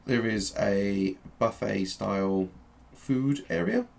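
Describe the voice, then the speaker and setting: A man runs a tabletop game as game master, narrating in a low voice with a gravelly grain. His delivery halts, with frequent fillers and restarts. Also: lively intonation, slow, a little mellow.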